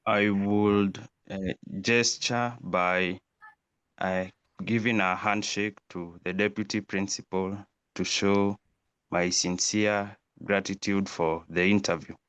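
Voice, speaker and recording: A man's voice: sits low, fairly even intonation, takes it slowly, fairly bright tone, clear, resonant tone, dry recording. A male student giving a hesitant answer in an online class, with fillers.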